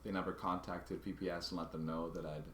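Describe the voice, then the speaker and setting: A man vlogging casually, telling a story in a halting way and often restarting his words. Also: low voice, flat delivery, a bit bright, reverberant, a little hiss or hum. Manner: halting, restarts and repeats words while recounting a grievance.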